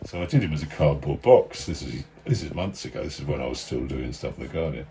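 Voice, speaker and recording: A man with a deep voice talks through his sketchbook in his studio. He rambles loosely, mutters asides under his breath, swears casually and chuckles along the way. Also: expressive, fast, mellow. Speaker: cartoonist.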